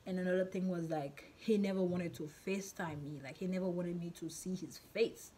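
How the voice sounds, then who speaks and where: A woman vlogger chats through a storytime, rambling along with lots of "like" and restarts. Her voice sits on the low side, with a faint hiss of noise in the background. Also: fairly even intonation, fairly quick, mellow. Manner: chatty, rambling, many fillers and repeats. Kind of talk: casual storytime.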